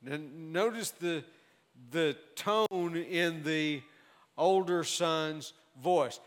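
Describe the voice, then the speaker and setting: Male preacher, high voice, measured emphatic sermon delivery, long hall reverb. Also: fairly bright tone. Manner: measured, emphatic Bible exposition.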